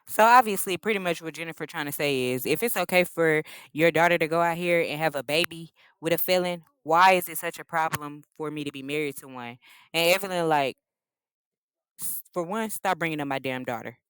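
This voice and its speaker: A woman's voice: low voice, brisk, fairly bright tone, clear, resonant tone, no echo. A woman hosting a casual reality TV recap, gossipy and slangy, acting out what the cast said. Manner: gossipy, slangy, acts out the cast's lines.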